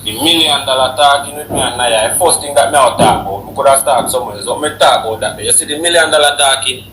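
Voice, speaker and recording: A man with a Jamaican accent speaks insistently, pressing his explanation. He tries to talk the others down. His voice is very sharp and tense. The recording is echoey, with a faint hum of noise behind him. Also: medium pitch, fast. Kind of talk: heated argument on a livestream.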